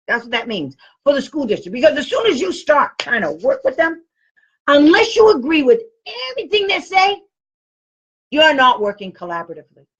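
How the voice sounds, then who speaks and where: A woman's voice: high voice, a bit bright, husky, dull audio. A woman special education advocate talking casually to camera, blunt and outspoken, often laughing as she speaks.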